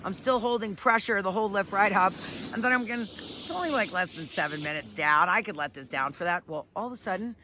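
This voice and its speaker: A woman ski instructor telling a story outdoors on a ski slope, animated and laughing often. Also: mid-range voice, fast, noisy background. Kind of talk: casual storytelling.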